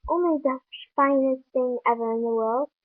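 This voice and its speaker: A young female reader voicing an eager, excitable colonial girl in a storybook reading. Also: normal speed, natural voice. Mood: excited. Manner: read aloud with raised, lively pitch. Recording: tinny phone-like recording.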